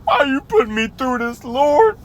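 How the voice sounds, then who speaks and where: A man's voice: very high-pitched, big pitch swings, moderate pace, a little hiss or hum, voice pushed up. A man mimicking a petulant, sulky man who stammers and whines in self-pity. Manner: stammering, whining.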